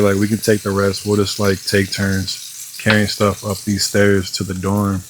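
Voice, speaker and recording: Exasperated low-voiced man vlogging in kitchen. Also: monotone, measured pace, long pauses, noisy background. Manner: profane, exasperated storytelling with lots of fillers. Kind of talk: casual storytelling vlog while cooking. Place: home kitchen.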